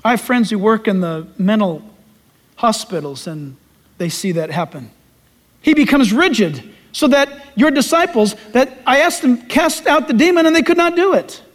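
High-voiced man preaching in a reverberant hall. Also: lively intonation, moderate pace. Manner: folksy, emphatic preaching with homespun asides. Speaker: pastor. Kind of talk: sermon.

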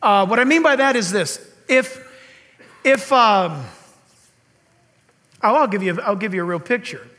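Preaching a sermon built on earnest rhetorical questions, an older pastor speaks in a high, reedy voice said to resemble a cartoon frog. He's expressive and measured, leaving long pauses, with a pushed, bright sound.

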